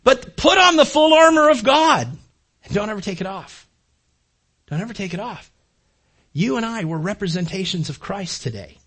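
Older pastor, high and husky, casual sermon style with restarts. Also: male voice, animated, normal speed, long pauses, a bit bright. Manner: conversational, repeats words while building a point.

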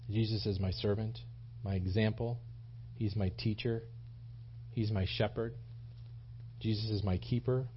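A man's voice: fairly low pitch, a little hiss or hum. Earnest man preaching, dull lo-fi sound. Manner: earnest, repetitive, emphatic delivery with frequent restarts. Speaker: pastor. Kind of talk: sermon. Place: small church.

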